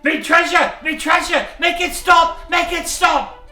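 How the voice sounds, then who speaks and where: A man voicing a grumpy male troll who talks in a rough dialect and panics easily. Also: sits high, animated, moderate pace, voice pushed up, full character voice. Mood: panicked. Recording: echoey room, mic at a distance, soft music.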